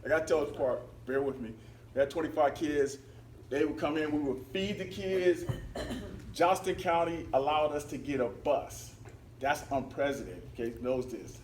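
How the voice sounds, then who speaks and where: A man tells a lively personal story to a meeting, acting out other people's words and laughing along the way. He sounds a little far from the microphone, and the hall adds a roomy echo over a faint murmur of ambience. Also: on the high side, normal speed, slight background noise. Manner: animated, breaks into laughter, acts out quotes. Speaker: speaker at a club meeting. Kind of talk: storytelling talk.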